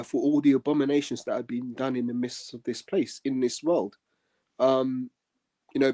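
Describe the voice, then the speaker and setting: Male co-host, mellow mid voice, earnest and measured scripture commentary. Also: medium pitch. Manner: earnest, measured, many "um" pauses. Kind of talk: religious podcast discussion.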